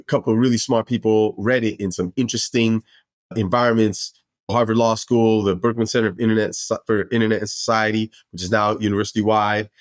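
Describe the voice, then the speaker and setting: A middle-aged man from Brooklyn, a podcast guest telling his career story in an animated, expansive way with frequent restarts. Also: fairly low pitch, dry recording. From Brooklyn, New York. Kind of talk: casual storytelling interview.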